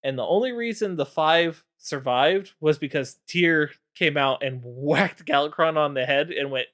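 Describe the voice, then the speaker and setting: A man's voice: on the high side, a little slow, few pauses, fairly bright tone. A man streaming, casually recapping game lore with lots of fillers.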